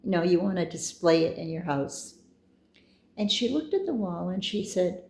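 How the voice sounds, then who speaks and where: Gravelly, mellow-voiced woman telling a story. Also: fairly low pitch, animated, normal speed, reverberant. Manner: chatty, meandering, with asides and quoted dialogue. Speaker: storyteller recounting her own experiences. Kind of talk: casual personal storytelling.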